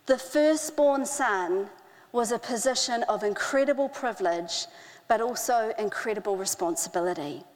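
High-voiced woman preaching in a reverberant hall. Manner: earnest, with slow emphatic phrasing. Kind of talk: sermon.

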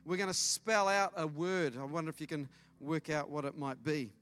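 Guy preaching at church, high bright voice, lively storyteller, faint music behind. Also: moderate pace, no echo. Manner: lively storytelling with acted dialogue. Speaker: pastor. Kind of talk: sermon. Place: church service.

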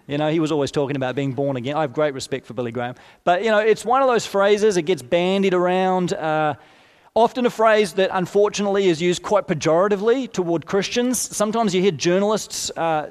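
A man preaching a sermon in a conversational, explanatory way, with asides and rhetorical questions. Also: sits high. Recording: long hall reverb.

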